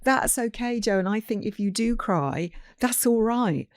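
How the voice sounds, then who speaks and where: A middle-aged woman co-hosting a casual podcast chat, giving gentle, reassuring advice. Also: on the high side, measured pace, no echo, studio quality. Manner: warm, reassuring, soft-spoken advice. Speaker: podcast co-host.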